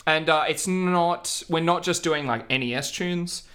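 A man's voice: a little high, a little slow, pushed and bright. A man co-hosting a casual video game music podcast, easygoing and agreeable. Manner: easygoing, agreeable, often backs the other host. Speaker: podcast co-host.

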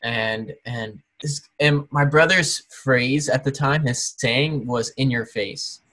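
A man co-hosting a casual podcast chat, telling a story in a relaxed way with fillers and imitating others. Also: medium pitch, slow pace. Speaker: podcast co-host.

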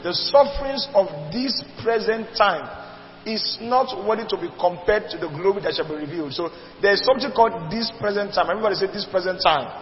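A man's voice: high voice, a little fast. A man preaching a sermon, emphatic and repetitive, calling on the congregation to respond. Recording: dull lo-fi recording with long reverb.

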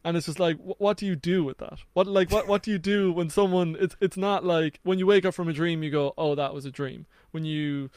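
Brief: male, slightly higher-pitched, musing and hesitant, dry close-miked sound. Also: steady tone, fairly quick, few pauses, darkish tone, no echo. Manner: reflective, hesitant, with restarts and laughs. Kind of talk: casual podcast chat.

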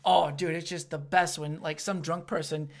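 Loud, excitable man in his thirties. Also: a little high, moderate pace, creaky. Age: 30s. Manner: loud, excitable, swearing, acts out crowd voices. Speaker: stand-up comedian. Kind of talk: casual podcast chat.

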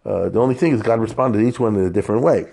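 A man with a fairly low voice teaches a Torah lesson. He talks conversationally and animatedly, asking rhetorical questions and mixing in Hebrew terms. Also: racing, vocal fry, dark tone, slightly rough. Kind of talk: Torah lecture.

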